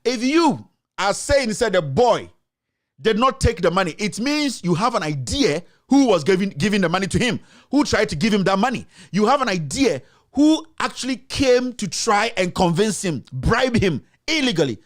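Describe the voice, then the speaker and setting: A man's voice: sits high, big pitch swings, moderate pace. A man hosting a commentary show, mocking and mixing English with Twi. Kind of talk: live commentary.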